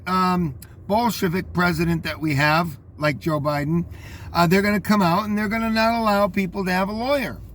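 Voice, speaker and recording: A man's voice: high-pitched, a bit bright, a little hiss or hum. An older man reading out news headlines and commenting on them in a rambling, scornful way, talking straight to his listeners.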